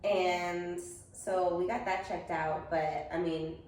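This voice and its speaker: A young woman, a guest, chatting casually with a fellow mom in a relaxed, easygoing way. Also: fairly low pitch, slow pace, slight background noise. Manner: relaxed, easygoing, laughs along. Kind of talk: casual chat between mom friends. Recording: very echoey room, mic at a distance.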